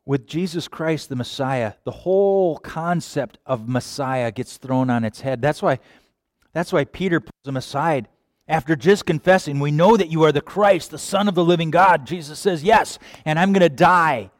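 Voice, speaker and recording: A man preaching a sermon, animated, sometimes acting out quoted voices. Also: on the high side, measured pace, no room sound, clean studio sound. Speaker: pastor.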